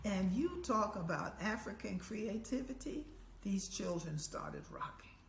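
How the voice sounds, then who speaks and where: An older woman telling a story as an elder, lively and acting out the voices and chants of the people in it. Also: mid-range voice, a little slow, gravelly, a little hiss or hum. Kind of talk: oral storytelling. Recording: echoey room with faint ambience.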